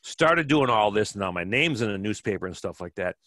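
A man's voice: fairly low pitch, lively intonation, normal speed, bright, forceful tone, no room sound. A man in his fifties from Kenosha, Wisconsin, telling stories as an interview guest in a rambling way with many restarts. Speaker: guest, former track cyclist. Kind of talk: relaxed storytelling interview.

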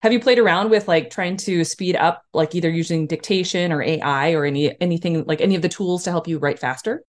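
A woman's voice: lowish voice, a little fast. A woman hosting a podcast, chatting casually and answering with encouraging, upbeat affirmations. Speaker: podcast host.

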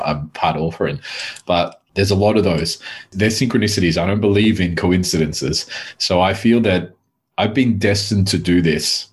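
Deep-voiced man telling stories. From Mauritius. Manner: chatty, restarts and repeats words as he tells stories. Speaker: guest. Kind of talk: casual storytelling interview.

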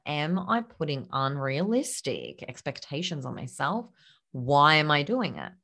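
With a deep voice that still has a fairly bright tone, a woman who coaches business runs her podcast alone. Her talk to listeners is encouraging, full of frequent laughter and occasional near-whispers.

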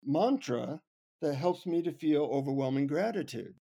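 A man's voice: on the high side, lively intonation, normal speed, gravelly, warm tone, husky, full character voice. A man voicing his cheerful friend in a story, in a matter-of-fact tone. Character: cheerful male friend back from travels.

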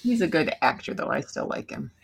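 A woman's voice: deep voice, big pitch swings, brisk, vocal fry, slightly rough. A woman co-hosting a podcast in casual chat, rambling with many fillers. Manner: rambling, filler-heavy storytelling. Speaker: podcast co-host.

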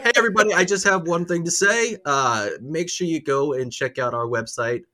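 A man's voice: on the high side, brisk, pushed and bright. A middle-aged man co-hosting a podcast in casual, crude, jokey chat. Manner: jokey, crude, slips into silly voices. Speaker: podcast co-host.

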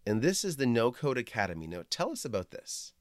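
A man's voice: medium pitch, very animated, fairly quick, no echo, clean studio sound. A man hosting a podcast interview, chatty and upbeat as he introduces segments and asks questions. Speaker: podcast host.

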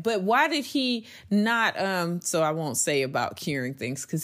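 A woman's voice: fairly low pitch, a little slow, hardly any pauses, a bit bright. A young adult woman hosting a faith-based podcast, speaking in an earnest, conversational way that turns emphatic as she goes. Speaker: podcast host.

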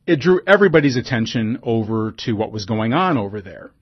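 A man telling a personal anecdote in a relaxed conversational way, with asides and fillers. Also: mid-range voice, brisk, husky, dull audio. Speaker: storyteller.

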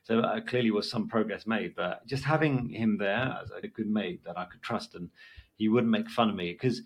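A man's voice: fairly low pitch, slightly rough. A man, a doctor, telling candid stories about his early work in a casual chat. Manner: candid storytelling, quick and rambling.

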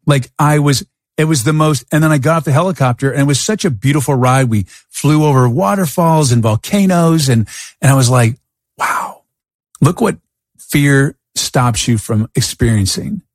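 A man hosting a podcast, telling stories in a casual, animated way and acting out his own thoughts. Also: fairly high pitch, brisk, dry recording, studio quality. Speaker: podcast host. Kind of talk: storytelling in a casual interview. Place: Arizona.

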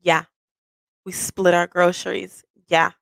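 A young woman hosting a podcast, telling a personal story in a casual, animated way, swearing freely and breaking into high, excited bursts and laughter. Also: slow, gravelly, dry recording. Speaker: podcast host.

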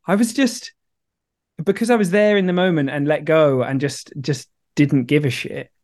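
Man podcast co-host, slightly high-pitched, jokey and loose. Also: moderate pace, darkish tone. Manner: jokey, swears casually. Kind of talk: casual chat.

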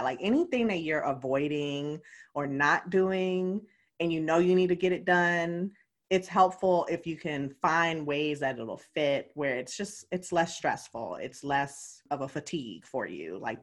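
A woman co-hosting a podcast, chatting casually and giving earnest practical advice. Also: deep voice. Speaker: podcast co-host. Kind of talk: casual chat.

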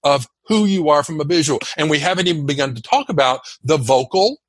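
Animated, husky-voiced male speaking coach. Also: a little high, fairly quick, dry recording. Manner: energetic, emphatic, teaching in lists. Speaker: guest, communication coach. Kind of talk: animated interview talk.

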